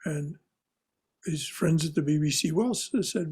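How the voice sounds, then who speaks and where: A man leading an online spiritual class, telling stories and reading poetry slowly with emphasis. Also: fairly high pitch, a little mellow, husky. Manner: storytelling, emphatic, slow on poetry. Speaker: class leader.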